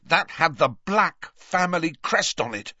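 A man voicing a hot-tempered teenage boy wizard who snarls and shouts in anger. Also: fairly high pitch, animated, unhurried, dry recording, highs cut off, voice pushed up, exaggerated voice. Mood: angry.

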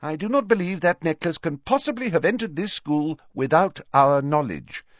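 A man voicing a strict older woman professor in a storybook reading, clipped and brisk, on a dull, dry recording. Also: on the high side, expressive, no room sound, voice pushed up, natural voice. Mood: stern.

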